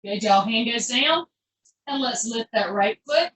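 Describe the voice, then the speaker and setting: A woman's voice: fairly high pitch, lively intonation, unhurried, fairly bright tone. Upbeat woman coaching a workout. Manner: upbeat, chatty, encouraging coaching with folksy phrases. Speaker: fitness instructor. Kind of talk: live online workout class cueing. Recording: echoey room, voice from far off.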